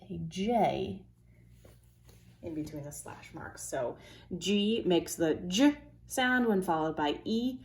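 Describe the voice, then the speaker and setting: A woman teaching a phonics lesson to third graders, sounding out letters and words slowly and carefully. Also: fairly low pitch.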